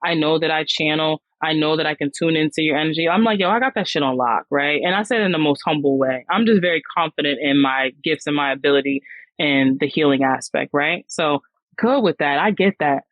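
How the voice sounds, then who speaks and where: A woman's voice: low voice, a little fast, dry recording, lo-fi sound. A woman hosting a podcast, telling a personal story in a candid, slangy way with frequent restarts. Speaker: podcast host.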